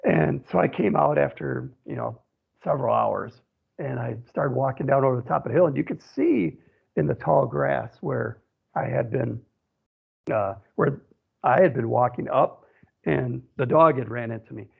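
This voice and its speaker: A man's voice: mid-range voice, moderate pace, gravelly, slightly rough. A man from central Wisconsin, a guest on a radio show, telling a long personal story in a rambling way, often saying "you know". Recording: tinny phone line.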